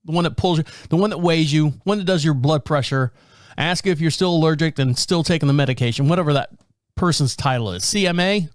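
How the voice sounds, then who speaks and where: A podcast host with a slightly high voice tells a casual story at a quick pace, animated and laughing often as he acts out the voices of the people involved. It's studio quality with no room sound.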